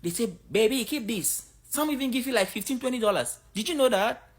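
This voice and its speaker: A woman's voice: fairly high pitch, fast. A woman from Africa in her thirties, giving a blunt, outspoken opinion monologue to a phone camera. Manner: blunt, outspoken, animated storytelling. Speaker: social media creator.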